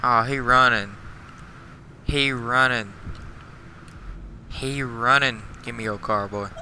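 A man's voice: medium pitch, fairly even intonation, takes it slowly, pushed and bright, slight background noise, low-quality recording. A young man livestreaming a game, trash-talking other players in slangy casual commentary while half asleep. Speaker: livestreaming gamer.

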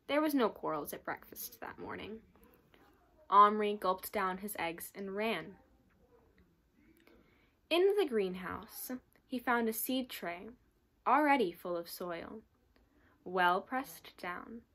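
A woman student reading a children's novel aloud with steady, expressive storytelling. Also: mid-range voice, slow pace, long pauses. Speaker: student reader.

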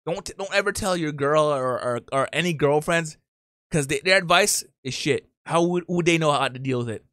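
A man's voice: on the high side, moderate pace, a bit bright, no room sound, clean studio sound. A man hosting a reaction channel, giving blunt, opinionated commentary in a casual rant.

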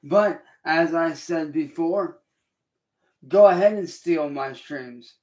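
Male livestreamer, fairly high voice, slow defiant lecture. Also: a little mellow. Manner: slow, deliberate, repetitive lecturing; confrontational, defiant. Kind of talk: livestream rant addressed to a critic.

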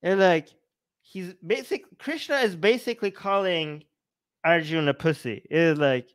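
A man with a slightly high voice gives loose, sarcastic commentary on scripture. He talks in an animated way, stops to restart his sentences, and breaks into mocking paraphrases. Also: a little slow. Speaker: podcast co-host.

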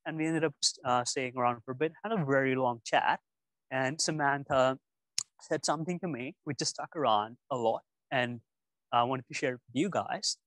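A young man chats casually with a room of students and tells stories with lively energy. His voice sits at an ordinary middle pitch and the sound is dry and close. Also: normal speed, dry recording, poor audio. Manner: animated storytelling. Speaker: speaker at a youth session. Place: room with an audience.

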